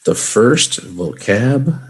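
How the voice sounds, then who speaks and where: A man's voice: mid-range voice, animated, drawn-out words, breathy edge. A man from Chicago with a Chicago accent, teaching English vocabulary in a live lesson and having students repeat words after him. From Chicago, United States.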